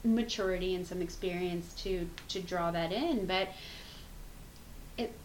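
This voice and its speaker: A woman's voice: lowish voice, a little slow. A woman co-hosting a podcast in casual chat, frank and reflective, laughing easily and swearing casually. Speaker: podcast co-host. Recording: roomy sound with faint background hum.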